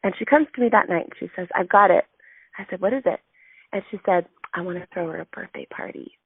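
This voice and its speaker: Woman in her thirties, motivational storyteller, heartfelt and emotional, gravelly voice, dry tinny phone sound. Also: on the low side, quick pace, no echo. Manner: heartfelt, emotional, many ums. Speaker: sales team leader giving a weekly message.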